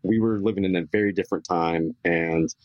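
A man's voice: low-pitched, fairly even intonation, a little fast, no room sound, dull audio. A man from Texas, an author guest, recounting his childhood frankly and matter-of-factly in an interview. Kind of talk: interview storytelling.

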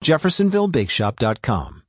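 A man's voice: medium pitch, very animated, moderate pace, husky, no echo, studio quality. A man reading sponsor announcements for a radio station.

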